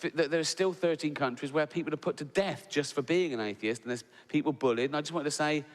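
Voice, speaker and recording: A man's voice: fairly high pitch, fast. A man in his sixties doing stand-up, telling stories in a chatty way and tagging his lines with "right?" while laughing at his own jokes. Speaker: stand-up comedian. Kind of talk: stand-up storytelling. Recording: live hall reverb, faint ambience.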